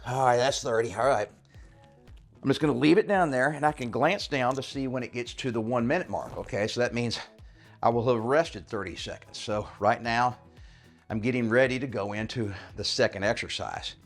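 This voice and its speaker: A man's voice: medium pitch, moderate pace, faint music behind. A man over fifty coaching a home cardio workout in a casual, chatty way, often checking in with "all right?", a bit out of breath while he exercises. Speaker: fitness coach.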